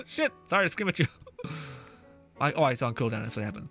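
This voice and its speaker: A man's voice: a little high, expressive, brisk, bright, forceful tone. A male streamer chatting casually while he plays, reading chat aloud, swearing often and laughing easily. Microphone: face mask on while talking. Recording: faint music behind the voice.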